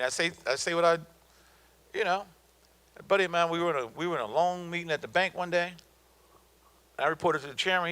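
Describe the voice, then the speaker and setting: A man's voice: on the high side, sharp tone, rough recording. A middle-aged man giving a motivational talk on business to an audience, emphatic and colloquial, telling stories and hammering home his points. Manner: emphatic, colloquial, storytelling with repeated punchlines. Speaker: guest speaker on business.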